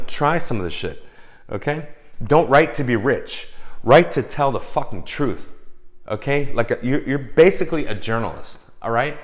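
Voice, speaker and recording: Blunt, profane man giving advice. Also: mid-range voice. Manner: blunt, profane, fired-up, lots of restarts and repeated words. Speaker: entertainment industry rep giving career advice to writers. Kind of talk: casual advice monologue.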